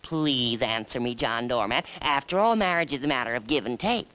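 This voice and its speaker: A woman's voice: rumbling low, animated, normal speed, fairly bright tone, poor audio. A woman voicing a nagging middle-aged housewife in a cartoon, scolding her husband and repeating his full name. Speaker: cartoon voice actor. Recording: old 16mm film soundtrack with music.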